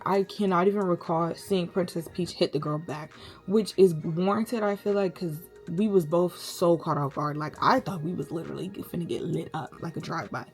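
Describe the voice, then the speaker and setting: A young woman vlogger telling a story in a slangy, animated way, full of dramatic asides. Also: medium pitch. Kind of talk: storytime vlog.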